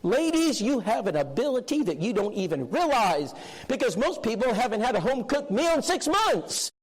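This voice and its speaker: Brief: male preacher, animated storyteller, high and highly expressive voice. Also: moderate pace, husky, poor audio. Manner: animated storyteller, acting out dialogue. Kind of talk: storytelling sermon lesson. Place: church, addressing a congregation.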